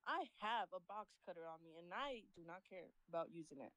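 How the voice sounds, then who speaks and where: A woman on a voice call, telling a story in a heated, profane, animated way. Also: fairly low pitch, brisk, no room sound, rough recording. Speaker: stream guest. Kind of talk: casual chat, storytelling.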